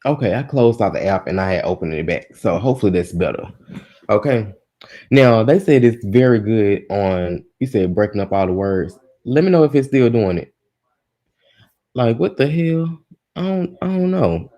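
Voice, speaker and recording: A man's voice: lowish voice, animated, moderate pace, dark tone. A man hosting a live gossip stream, chatting casually with his listeners, exasperated and swearing freely. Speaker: host of a live gossip show.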